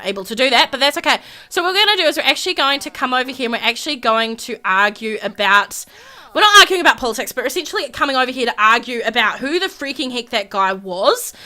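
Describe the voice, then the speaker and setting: A woman's voice: a little high, bright, forceful tone. A woman hosting a gaming video, narrating gameplay in casual chatty commentary with plenty of fillers.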